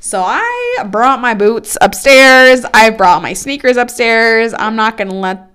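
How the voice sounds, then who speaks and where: A woman's voice: fairly high pitch, lively intonation, unhurried, fairly bright tone, clean tone. A young adult woman chatting casually as a podcast co-host, telling a story with lots of fillers. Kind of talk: casual chat.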